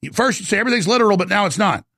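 Man, host, heated rant, gravel in the voice, bright edgy tone, dry close sound. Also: high-pitched, racing, dry recording. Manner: excited, repeats words when revving up. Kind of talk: heated ranting monologue.

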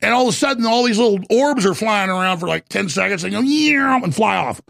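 A man delivering a heated, excited rant as a show host, often stumbling and repeating words as he builds up steam. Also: high voice, fast, vocal fry, dry recording, clean studio sound. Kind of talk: heated ranting monologue.

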